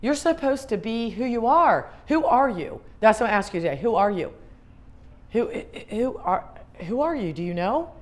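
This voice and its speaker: A woman's voice: a little high, sing-song, normal speed. A middle-aged woman, a grief specialist, giving an earnest motivational talk to an audience, repeating her questions for emphasis.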